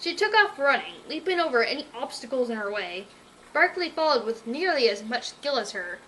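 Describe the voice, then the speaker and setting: A woman reading a children's storybook aloud, her high voice bright and full of lively rises and falls. The narration is expressive throughout, over a faint background hiss. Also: fairly quick, poor audio.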